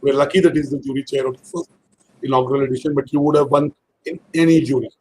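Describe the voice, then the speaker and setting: A man's voice: medium pitch, steady tone, fast, darkish tone, slight background noise, low-quality recording. A man, a jury member speaking on a video call, rambling through anecdotes and repeating his praise. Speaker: jury member at an awards ceremony. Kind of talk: congratulatory speech on a video call.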